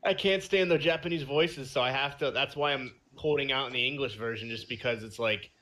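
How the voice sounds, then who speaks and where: A man's voice: medium pitch, a little fast, pushed and bright. A man co-hosting a podcast in casual chat, rambling and laughing often, with mock indignation. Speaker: podcast co-host.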